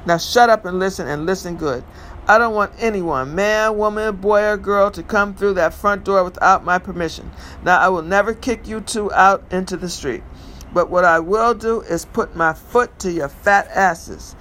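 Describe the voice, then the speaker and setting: A man voicing a strict, gruff middle-aged father who speaks bluntly and curses as he lays down the law. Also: high-pitched, normal speed, pushed and bright, slight background noise. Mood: angry. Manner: blunt, cursing, commanding.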